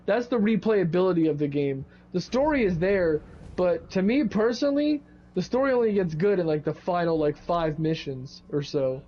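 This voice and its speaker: Animated young man ranting over gameplay. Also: normal speed, highs cut off, a little hiss or hum. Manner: animated, swears freely, quotes himself in sudden high outbursts. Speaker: co-host of a gaming video. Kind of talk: casual gaming chat.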